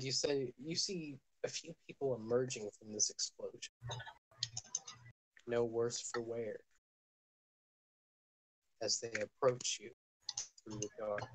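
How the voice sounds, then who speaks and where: A man's voice: medium pitch, low-quality recording. Man narrating a tabletop game. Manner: dramatic storytelling, playful. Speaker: game master.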